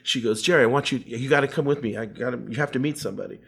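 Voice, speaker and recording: Older man telling a story with gravelly voice. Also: mid-range voice, racing. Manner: animated storyteller acting out quoted voices. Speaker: musician guest. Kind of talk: storytelling interview.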